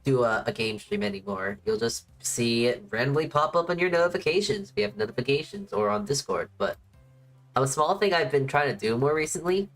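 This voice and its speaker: Woman, low voice, rambling casual streamer chat, soft music bed underneath. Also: big pitch swings, brisk. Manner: rambling, restarts sentences. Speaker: VTuber streamer. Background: faint background music.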